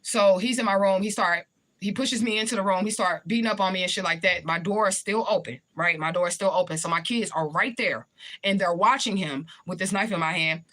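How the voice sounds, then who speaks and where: Woman, quick bright delivery, casual storyteller who swears and keeps checking in with the listener. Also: medium pitch. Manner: swears freely, repeats points for emphasis. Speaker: spiritual reader. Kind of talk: casual first-person storytelling.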